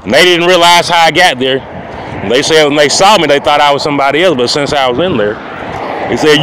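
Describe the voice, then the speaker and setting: A man's voice: fairly high pitch, a little fast, low-quality recording. A man talking to camera in a long, rambling monologue outdoors, circling back to the same phrases and asking whether he's understood. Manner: repetitive, keeps asking "you know what I mean". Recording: loud outdoor street noise.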